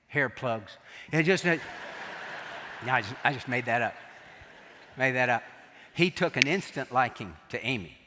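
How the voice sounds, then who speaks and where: A middle-aged man preaching a sermon, telling a story in an animated, joking way. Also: mid-range voice. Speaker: pastor. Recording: long echo of a large hall.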